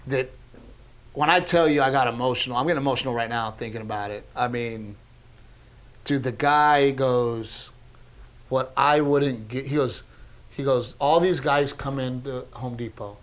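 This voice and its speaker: A man co-hosting a podcast, telling stories in a casual, animated way that is full of laughs and swearing. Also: medium pitch, moderate pace. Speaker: podcast co-host, comedian. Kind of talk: casual storytelling chat.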